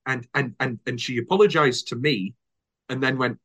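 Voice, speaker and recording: A podcast host chats casually, rambling through anecdotes with many restarts and acting out quotes in silly voices. His mid-range voice is brisk with a fairly bright tone.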